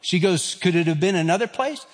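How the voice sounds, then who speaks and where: A man's voice: high voice, a little fast. A man, preaching a sermon and telling stories, acting out the voices of the people in them. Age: 50s. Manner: animated, acts out quoted voices. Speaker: pastor. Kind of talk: sermon with storytelling. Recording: long reverb of a large hall.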